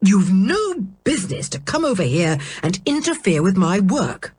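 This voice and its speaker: A woman reading a storybook, voicing an absent-minded, irritable middle-aged male scientist who is vague and quick to anger. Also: sits high, sing-song, a little mellow, slight background noise. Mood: furious. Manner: vague, then sharply cross.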